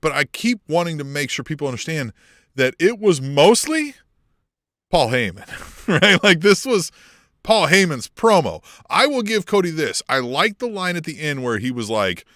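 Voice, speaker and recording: A man's voice: fairly high pitch, moderate pace, dry recording, studio quality. A man co-hosting a wrestling podcast, chatting casually, swearing freely and laughing often. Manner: profane, animated, laughs often. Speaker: podcast co-host.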